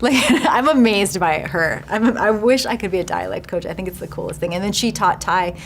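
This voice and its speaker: A woman's voice: fairly low pitch, a little fast, creaky, slight background noise. A woman giving a casual press junket interview about her film, chatty, laughing often and restarting her sentences.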